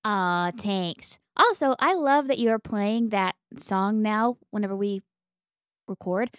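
A woman's voice: medium pitch, animated, slow pace, no room sound, clean studio sound. A woman co-hosting a board game podcast, playful and jokey, giggling often, on a mic on a stand. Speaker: podcast co-host. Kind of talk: casual chat.

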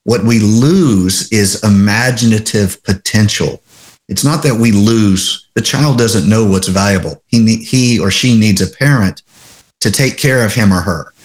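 A male pastor delivering a sermon in a halting way, full of fillers and restarts. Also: fairly low pitch.

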